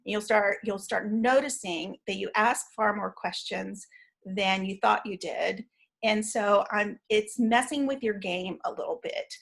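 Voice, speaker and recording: Woman, online training lecture, measured explanatory delivery, frequent ums and restarts. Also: mid-range voice, creaky, a bit bright.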